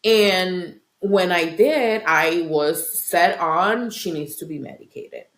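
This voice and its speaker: A middle-aged woman working as a parent coach shares her own story in a reflective, earnest way. She often tags her points with a quick "right?". Her voice sits a little low, and the sound carries a noticeable room echo. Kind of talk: personal storytelling in a conversation. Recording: roomy echo.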